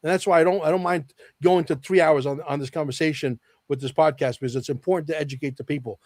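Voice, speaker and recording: A man's voice: fairly high pitch, fairly even intonation, quick pace, darkish tone, no echo. A man as a podcast guest, talking emphatically and repeating key lines for effect. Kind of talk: podcast interview talk.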